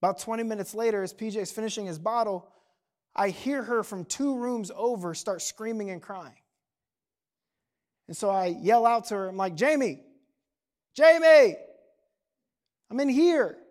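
In a church service, a young adult pastor delivers a sermon at a medium pitch and ordinary pace. He begins in a casual, conversational tone and works up to passionate shouting.

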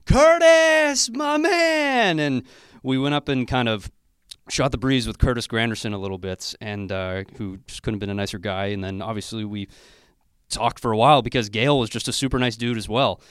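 Man, lowish voice, smooth and clear, dry close sound, heartfelt anecdotes. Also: steady tone, fairly quick, no echo. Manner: warm anecdotal storytelling with fillers. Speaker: colleague sharing memories. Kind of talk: heartfelt remembrance.

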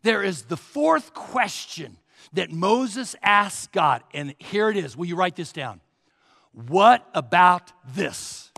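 A man's voice: high voice, expressive, slow pace, vocal fry, pushed and bright, long reverb tail. A man preaching a sermon as pastor, emphatic and urging his listeners to write points down.

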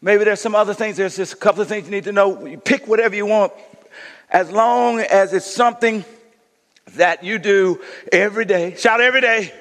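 A male pastor preaching a sermon, telling a story, then swinging from shouts to hushed intensity. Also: sits high, moderate pace, in a large hall.

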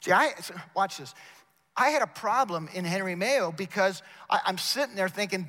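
In a university chapel with long, large-hall reverb, a male preacher delivers a sermon in a ringing, high-pitched voice, bright and forceful, with lively intonation at a moderate pace. He's emphatic and direct with the congregation, repeating words.

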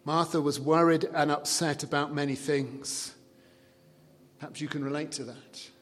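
A man preaching a sermon in a conversational way, dropping soft and low to quote scripture. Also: fairly even intonation, moderate pace. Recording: long reverb of a large hall.

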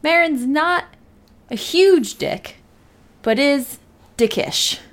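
A woman's voice: high-pitched, animated, extremely slow, a bit bright. A woman playing a tabletop game, describing her character's actions in a casual, thoughtful way. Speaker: player.

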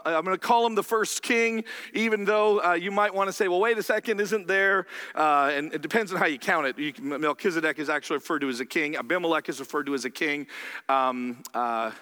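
A man's voice: a little high, fairly quick, bright, forceful tone, clean tone, long reverb tail. A man preaching a sermon as pastor, conversational, often checking in with his listeners through rhetorical questions.

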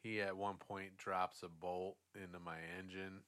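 A man's voice: low-pitched, flat delivery, measured pace, a bit bright. A man telling a long, profane story in casual chat, acting out what people said. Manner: rambling, profane, acts out quotes.

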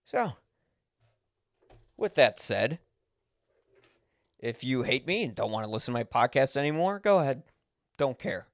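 A man's voice: mid-range voice, big pitch swings, measured pace, pauses often, no room sound, studio quality. A man hosting a podcast, speaking an unscripted personal monologue, blunt, swearing when angry and correcting himself as he goes. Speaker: podcast host.

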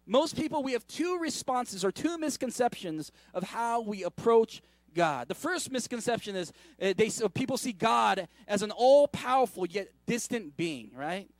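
A man preaching a sermon in a casual, conversational way, with many asides, restarts and quick questions to the congregation. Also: very high-pitched, expressive, no room sound. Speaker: pastor.

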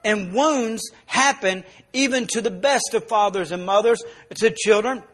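A male pastor preaching a sermon, telling a personal story and dropping soft and low in the emotional parts. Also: a little slow.

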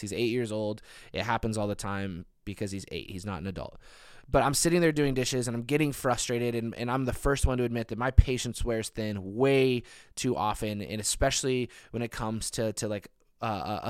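Earnest male pastor with a smooth, dry voice. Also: medium pitch, no echo. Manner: earnest, builds to emphatic peaks then drops soft. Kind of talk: sermon.

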